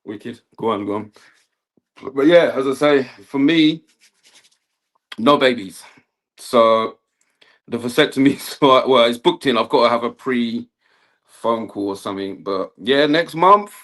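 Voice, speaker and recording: A man's voice: medium pitch, a little slow, long pauses, fairly bright tone. A man, an electrician chatting casually on a livestream, laughing often and asking "do you know what I mean". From Kent, England. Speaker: guest electrician.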